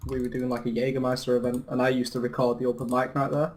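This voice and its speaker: A man's voice: mid-range voice, monotone, fast talker. Sweary young man chatting. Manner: sweary, laddish storytelling. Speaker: gaming commentator. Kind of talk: casual chat.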